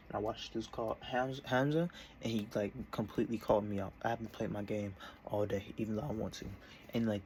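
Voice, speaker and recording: A man's voice: lowish voice, slight background noise. Young man rambling at his desk. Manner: meandering, self-interrupting, relaxed. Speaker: vlogger. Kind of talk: casual rambling vlog.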